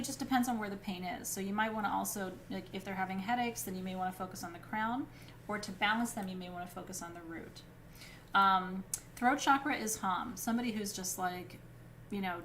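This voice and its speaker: A woman leads a live spiritual class in a loose, conversational way. She strings her points together with frequent "um"s and "right?"s and breaks into easy laughter. Her voice sits at an ordinary middle pitch, with a faint hiss of noise behind it. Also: a bit bright. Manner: chatty and informal, with many fillers and "right?"; laughs easily between points. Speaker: spiritual teacher.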